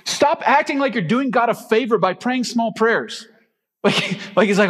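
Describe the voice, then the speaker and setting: Male preacher, casual and emphatic, husky voice, fairly high, long hall echo. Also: sing-song, normal speed. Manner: conversational, emphatic, rhetorical questions. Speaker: pastor. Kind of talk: sermon. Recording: reverberant hall.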